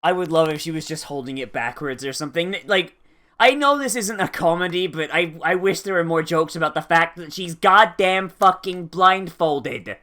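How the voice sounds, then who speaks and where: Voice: medium pitch, normal speed, bright, forceful tone. An anime reaction vlogger giving casual commentary, full of swearing, laughter and sarcastic asides.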